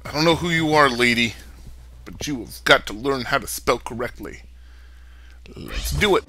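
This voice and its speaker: A man's voice: medium pitch, moderate pace, pushed and bright, soft background music, rough recording. A man hosting a let's play, giving casual game commentary with crude, rambling jokes. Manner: joking, crude, rambling asides.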